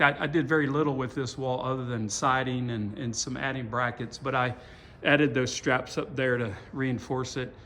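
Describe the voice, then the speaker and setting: A middle-aged man walking through the old barn he restored, talking in a halting, rambling way full of fillers. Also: mid-range voice, fairly bright tone, a little hiss or hum. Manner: rambling, halting, self-deprecating, many fillers. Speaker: farm owner showing his restored barn. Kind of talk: casual walkthrough vlog.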